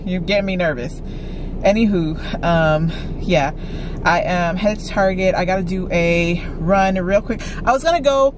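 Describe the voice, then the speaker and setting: A woman's voice: fairly low pitch, a little slow, noisy background. A woman vlogger chatting casually to her viewers, ranting with exasperation. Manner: talks straight to viewers.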